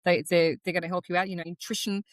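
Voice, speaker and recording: A woman's voice: lowish voice, flat delivery, quick pace, no room sound. A woman, co-hosting a podcast in casual, reflective chat, explaining ideas step by step. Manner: reflective, explains in steps, many restarts. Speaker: podcast co-host.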